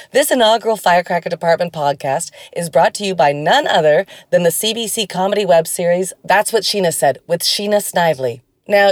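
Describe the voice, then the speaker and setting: A woman's voice: fairly low pitch, a little mellow. A woman from Canada hosting a podcast, enthusiastic and gushing as she introduces her guest and chats with her. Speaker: podcast host.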